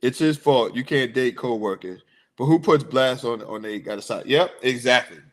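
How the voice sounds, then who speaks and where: A young man hosting a sports podcast, chatting in a rambling, animated way and answering his listeners. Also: medium pitch, normal speed. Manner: rambling, animated, talks to chat viewers. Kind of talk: casual chat.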